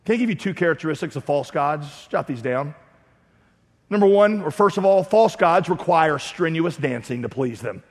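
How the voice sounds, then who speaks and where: A man's voice: a little high, moderate pace. Joking, blunt preacher man in a hall. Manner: lively, humorous, blunt preaching with sarcasm. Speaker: pastor. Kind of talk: sermon.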